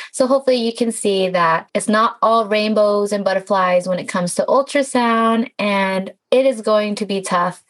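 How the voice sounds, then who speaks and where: A woman's voice: mid-range voice, poor audio. A woman co-hosting a casual podcast, friendly and encouraging with some fillers. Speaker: podcast co-host.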